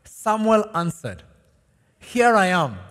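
Male pastor, animated sermon delivery, reverberant church hall sound. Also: high voice, slow pace, smooth. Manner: animated preaching with rhetorical questions and laughs.

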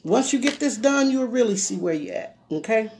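A woman's voice: a little high, animated, normal speed, a little mellow. A woman chatting casually with viewers on a live makeup stream, folksy, and she keeps calling out to her audience. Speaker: beauty livestreamer.

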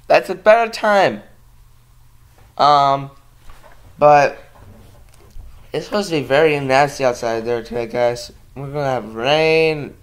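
Speaking in a clear, resonant mid-range voice, a man addresses his viewers in a relaxed home vlog. He's sleepy and yawning, and his talk meanders with frequent ums and restarts.

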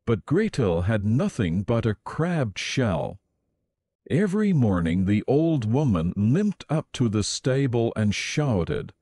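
A man reading a fairy tale aloud in calm storybook narration, slow and even. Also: lowish voice, dry recording, clean studio sound.

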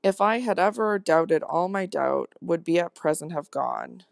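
Gravelly audiobook narrator, dry close sound. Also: mid-range voice, lively intonation, no echo. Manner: measured, intense, literary first-person reading. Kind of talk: reading a classic novel aloud.

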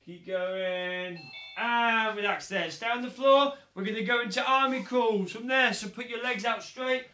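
A man teaching a live online taekwondo class for young children, upbeat and encouraging, loudly calling out counts. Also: extremely high pitch, measured pace, a little hiss or hum. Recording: echoey room.

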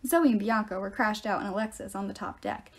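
A woman reading a novel aloud in steady first-person storytelling. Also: medium pitch, brisk, breathy edge. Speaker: reader.

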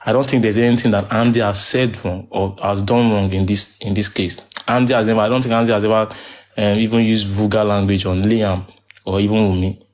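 Halting man on a call. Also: lowish voice, steady tone. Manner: halting, many restarts and fillers. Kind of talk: call-in discussion.

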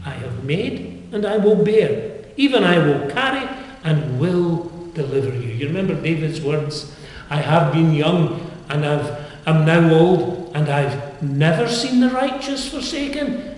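An older man preaching a sermon, with earnest, dynamic delivery that surges up in pitch and volume. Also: expressive, a little slow, darkish tone. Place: chapel. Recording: echoey chapel with long reverb.

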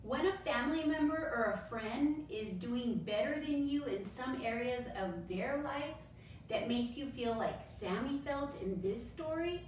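A woman reading a children's story aloud in a slow, expressive, clear way. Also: on the high side, recorded from a distance. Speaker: storybook reader. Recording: roomy echo, faint noise.

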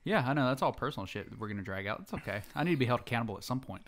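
A man's voice: mid-range voice, expressive, racing. A man co-hosting a podcast, speaking openly in casual chat and laughing often. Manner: laughing, candid banter. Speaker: podcast co-host.

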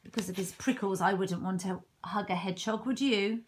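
A woman's voice: mid-range voice, brisk, hardly any pauses, slightly rough. A woman teacher reading a picture book aloud at home, chatting and asking the children questions. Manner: warm, chatty asides with questions to listeners.

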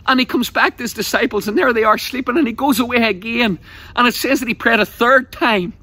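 A man preaches with a bright, forceful voice that cuts through. He tells the story with passion and paints vivid scenes for his listeners. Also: extremely high pitch, a little fast, no room sound. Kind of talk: evangelistic sermon.

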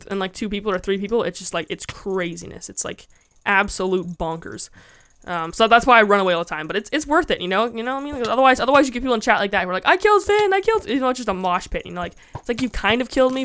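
A woman's voice: mid-range voice, fairly bright tone. A woman giving casual, giggly commentary while playing a game and talking to her chat, squealing when she is attacked. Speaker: Minecraft let's-play gamer.

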